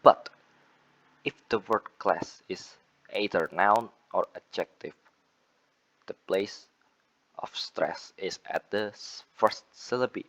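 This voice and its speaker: A man's voice: fairly low pitch, slow, pauses often, fairly bright tone, rough recording. A young man with an Indonesian accent giving a student class presentation on word stress, repeating example words and correcting himself as he goes. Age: young adult.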